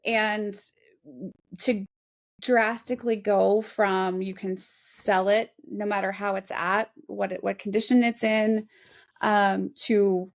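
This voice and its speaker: A woman's voice: mid-range voice, level tone, takes it slowly, creaky. A woman in her forties, a real estate agent, chatting in an interview in a self-deprecating, laughing way. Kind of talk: casual interview chat.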